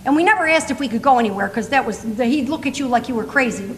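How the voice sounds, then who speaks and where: A middle-aged woman speaking at a conference, telling funny stories in a chatty, animated way and laughing often. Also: sits high, fast talker, few pauses, a little hiss or hum. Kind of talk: humorous storytelling talk to a live audience. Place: large conference hall. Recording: reverberant hall with faint ambience.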